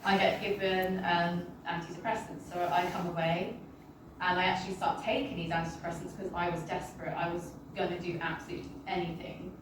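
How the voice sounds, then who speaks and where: A British woman recounts her own story to a listening audience, speaking in a halting, emotional way and often apologizing. Her voice is picked up from a distance in a very reverberant room. A constant background hum sits under her speech. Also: fairly low pitch, level tone. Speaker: guest sharing a personal testimony. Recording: roomy, distant, with background noise.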